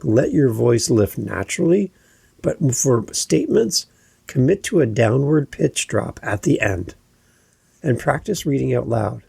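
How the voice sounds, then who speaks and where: A man hosts a podcast episode on speaking technique, talking casually and acting out rising and falling inflections as he goes. His voice is husky with a gravelly edge. The sound is dry and close. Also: dark tone, dry recording. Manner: demonstrates pitch patterns, sings short syllables. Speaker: podcast host. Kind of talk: casual instructional podcast talk.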